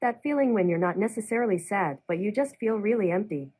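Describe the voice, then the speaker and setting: Mopey emo smart speaker lady, a woman doing the voice, flat sad delivery, bit of hiss behind. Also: medium pitch, a little fast, natural voice, low-quality recording. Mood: gloomy. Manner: flat, sad, reciting bleak lines.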